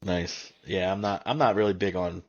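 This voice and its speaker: A man's voice: low-pitched, steady tone, normal speed. Laid-back man with dull lo-fi sound. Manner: laid-back, swears casually. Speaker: podcast host. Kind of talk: casual interview chat. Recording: dull lo-fi audio.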